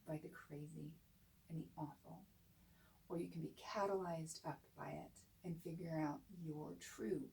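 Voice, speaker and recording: A middle-aged woman giving an earnest, emphatic motivational talk to camera, sometimes dropping to a soft whisper. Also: fairly low pitch, gravelly, slight background noise, poor audio. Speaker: motivational speaker.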